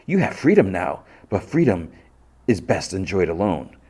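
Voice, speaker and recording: A man's voice: low-pitched, sing-song, normal speed, dark tone, slightly rough, heavily acted. A man voicing a mysterious, persuasive stranger who preaches freedom while retelling a show scene. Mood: coaxing. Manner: coaxing, persuasive.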